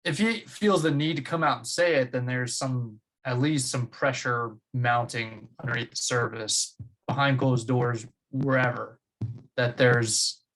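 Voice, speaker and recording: A man's voice: mid-range voice, unhurried, a bit bright, poor audio. Thoughtful young man chatting about sports. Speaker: podcast co-host. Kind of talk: casual sports chat.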